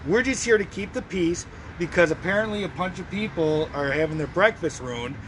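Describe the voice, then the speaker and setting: A male police officer with a Midwestern accent, calm, firm and patient. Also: on the high side, fairly quick, slight background noise, poor audio. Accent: Midwestern American.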